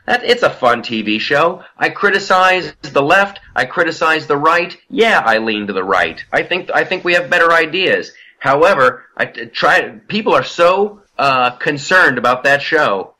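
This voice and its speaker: A man hosting a casual political podcast, animated and profane as he rants. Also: a little high, moderate pace, few pauses. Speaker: podcast host.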